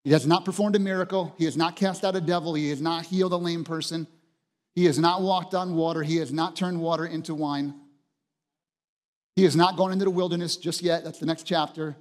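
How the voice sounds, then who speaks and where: A man's voice: on the high side, steady tone, brisk, big-room sound. A man preaching a sermon as pastor, passionate and emphatic, driving points home with repeated phrases.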